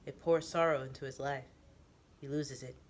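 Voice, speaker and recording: A man reading a first-person story aloud, describing the action in a steady, descriptive way. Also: mid-range voice, normal speed.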